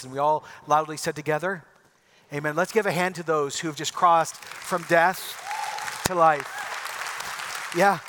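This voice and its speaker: A man preaching an Easter sermon as pastor, moving from impassioned calls to a quiet, earnest prayer. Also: on the high side, steady tone, takes it slowly, long pauses, a faint crowd, a little hiss or hum.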